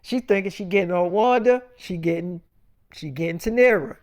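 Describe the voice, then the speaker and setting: A woman's voice: fairly low pitch, moderate pace, darkish tone. A woman telling a story casually, in a profane and emphatic way.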